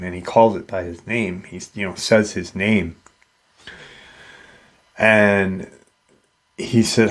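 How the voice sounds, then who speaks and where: A man hosting a paranormal channel, retelling a witness's encounter in a halting way, with many fillers and restarts. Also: fairly low pitch.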